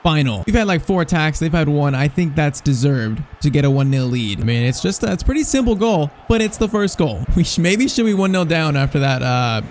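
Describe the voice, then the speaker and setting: A young man giving live, excitable commentary over a football video game, reacting nervously and shouting at big chances. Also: on the high side, fairly quick, few pauses, slight background noise. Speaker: gaming YouTuber.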